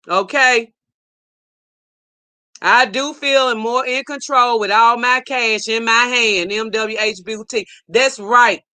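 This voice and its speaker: A woman's voice: on the high side, pushed and bright. A middle-aged woman hosts a live stream, reading viewer comments aloud and preaching emphatically, repeating her points for emphasis. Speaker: livestream host.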